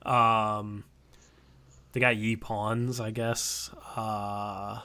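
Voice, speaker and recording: A man co-hosting a casual sports podcast, arguing his opinions at length with quick asides. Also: on the low side, flat delivery, sharp tone, smooth. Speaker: podcast co-host.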